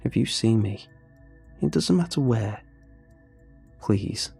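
A man tells a first-person horror tale in a measured, scripted delivery. His voice is dark and husky, and faint music runs underneath. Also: mid-range voice, expressive. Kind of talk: scripted horror story narration.

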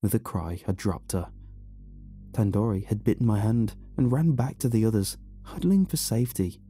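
A man narrating a horror story in an expressive, dramatic reading. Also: fairly low pitch, normal speed, slightly rough. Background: faint music.

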